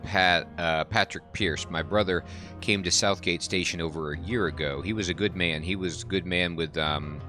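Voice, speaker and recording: A man reading the part of a grieving, worn-out man who drinks and wants the truth about his dead brother, in halting, emotional dialogue. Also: deep voice, steady tone, pushed and bright, faint music behind.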